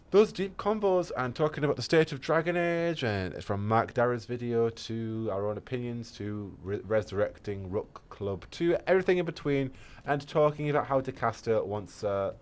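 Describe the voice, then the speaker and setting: A man, a game streamer chatting casually with his viewers, rambling and enthusiastic with many fillers and restarts. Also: medium pitch. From England.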